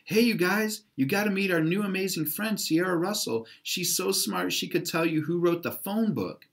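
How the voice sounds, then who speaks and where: A man's voice: medium pitch, huge pitch swings, unhurried, darkish tone, pitched above the performer's own voice. A man voicing a perky, bubbly teenage girl from a children's storybook, cheering for her friends. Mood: excited. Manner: bubbly, squealing.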